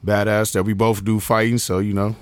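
A man chats in a relaxed, easygoing way and uses plenty of slang. His voice sits fairly low and sounds dry and close, with no room echo. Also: brisk. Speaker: podcast guest. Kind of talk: casual podcast chat.

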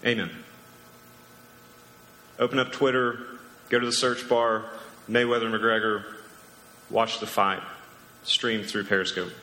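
A man's voice: on the low side, flat delivery, a little slow, pauses often, pushed and bright. A man preaching a sermon as pastor, casual and conversational with joking asides. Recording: echoey hall with long reverb.

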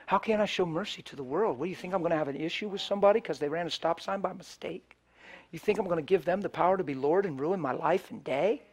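A man with a high voice preaches by telling a story. He shifts between loud, emphatic lines and hushed, near-whispered passages, and he acts out the people he quotes. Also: fast, husky. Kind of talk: storytelling sermon.

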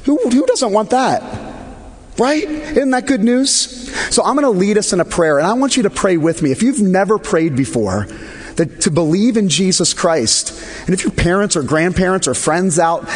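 A man leading a children's sermon in a church, gentle and playful as he coaxes the children along. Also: high voice, animated, a little fast, slightly rough, in a large hall. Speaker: pastor. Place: church sanctuary.

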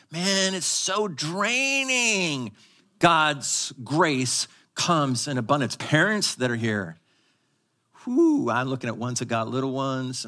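A man preaching from the pulpit in a mid-pitched voice. He teaches with emphasis and asks the congregation to repeat words after him. He slides between quick asides and slow, stressed phrases. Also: fairly bright tone. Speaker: pastor. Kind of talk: live sermon to a congregation. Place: church service.

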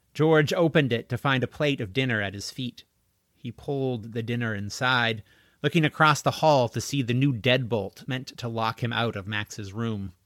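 A man narrating a middle-grade novel in an expressive, scripted audiobook reading. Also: mid-range voice, dry recording, clean studio sound.

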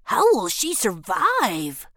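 A woman's voice: medium pitch, wildly swooping pitch, slow, a bit bright, no room sound, studio quality, exaggerated voice. A woman voicing a cheeky young boy, a younger brother, who teases and questions in disbelief. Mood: incredulous. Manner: teasing, incredulous.

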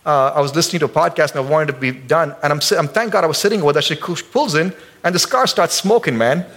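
A man preaching a sermon as pastor in a church service, casual and joking with the congregation, jumping high in pitch when acting out quotes. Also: fast, fairly bright tone.

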